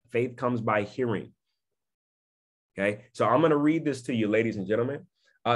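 A man's voice: medium pitch, normal speed, long pauses. A man giving an emphatic motivational talk on a video call, repeating phrases and often checking in with his listeners. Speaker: network marketing speaker.

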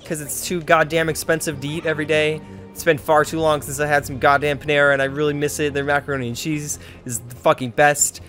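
A man streaming a video game, joking, swearing and excited, a little drunk. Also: on the high side, fast, faint music behind. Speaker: gamer streamer. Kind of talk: casual let's-play commentary.

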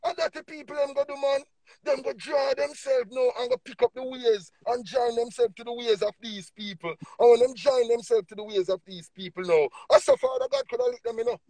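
A man with a Jamaican accent preaching emphatically on a livestream, swinging between low murmurs and loud bursts. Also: sing-song, a little fast, gravelly, no echo. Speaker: livestream speaker.

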